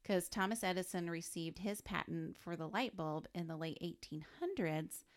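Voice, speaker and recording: A woman's voice: lowish voice, animated, normal speed. A woman co-hosting a podcast, talking casually through a life story and joking between facts. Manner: chatty, laughs often, quips between facts. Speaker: podcast co-host.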